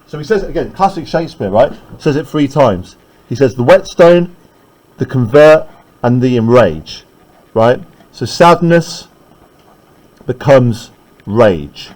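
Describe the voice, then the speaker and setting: A man's voice: mid-range voice, very animated, slow, long pauses, darkish tone, poor audio. Man teaching a class, checking in constantly. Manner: explains step by step, keeps checking in with "right?". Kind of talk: classroom literature lecture.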